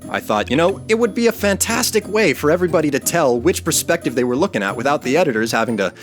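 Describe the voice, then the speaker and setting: A man's voice: fairly high pitch, very animated, fast talker. A man from the United States chatting casually while playing a video game, rambling and hesitant. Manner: rambling, hesitant with many fillers. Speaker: video game channel co-host. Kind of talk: casual gaming chat. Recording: faint music in the background.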